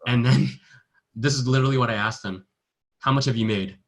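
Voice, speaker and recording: A man's voice: medium pitch, brisk. A young man giving an earnest personal testimony in a sales training talk, acting out the dialogue he quotes. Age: young adult. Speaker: network marketing distributor.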